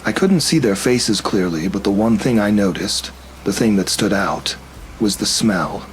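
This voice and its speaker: This is a poor-quality recording with a faint underlying hum, in which a male narrator slowly relates his own horror story. His fairly low voice stays steady and tense.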